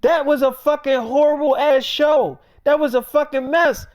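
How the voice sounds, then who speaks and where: A man voicing a furious male club promoter yelling and cursing during a freestyle story. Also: extremely high pitch, steady tone, normal speed, dry recording, clean studio sound, pitched above the performer's own voice. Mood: outraged.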